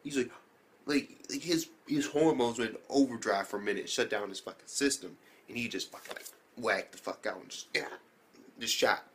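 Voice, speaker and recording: A man's voice: mid-range voice, moderate pace, fairly bright tone, slight background noise. A young man casually recapping an anime episode, rambling with slang, swearing and many fillers. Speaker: anime reviewer.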